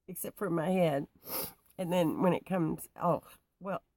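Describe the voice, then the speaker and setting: A woman telling a personal story to her viewers, halting with many restarts and fillers. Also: low voice, creaky, darkish tone, no echo. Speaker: YouTuber.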